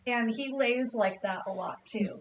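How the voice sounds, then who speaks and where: A woman's voice: on the high side, measured pace, reverberant, a little hiss or hum, rough recording. A woman hosting a knitting livestream, chatting with her dogs, laughing often. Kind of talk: casual chat with dogs and a guest.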